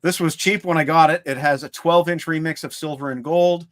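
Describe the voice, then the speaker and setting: A man's voice: a little high, brisk, dry recording, clean studio sound. A man co-hosting a livestream, chatting enthusiastically about his CD collection. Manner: enthusiastic, lively collector talk. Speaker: co-host showing his CD collection. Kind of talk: casual chat on a livestream.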